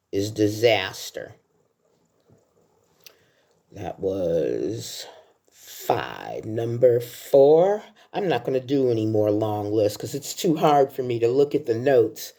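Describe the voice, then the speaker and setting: A film vlogger in her sixties, with a very deep, warm voice and lively intonation, takes her time chatting through a countdown of her favorite films. Along the way she shares heartfelt stories in a casual, talkative manner.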